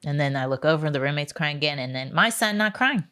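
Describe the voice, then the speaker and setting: A woman in her forties, co-hosting a podcast in casual chat and telling stories warmly and emotionally, with lots of asides. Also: low voice, lively intonation, quick pace, clear, resonant tone. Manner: chatty, emotional storytelling with many asides. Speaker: podcast co-host. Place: podcast studio.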